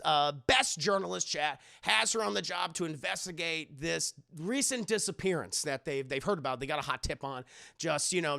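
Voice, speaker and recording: A man hosts a casual live review and retells scenes in an animated, profane way. His voice sits high and is heavily gravelly. It has a bright, edgy tone. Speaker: streamer and show reviewer.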